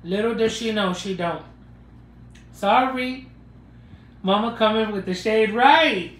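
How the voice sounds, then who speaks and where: A man's voice: high voice, measured pace, reverberant. Playful man hosting a live cooking stream. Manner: playful, joking, chats with viewers. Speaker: cooking livestream host. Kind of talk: casual live cooking chat.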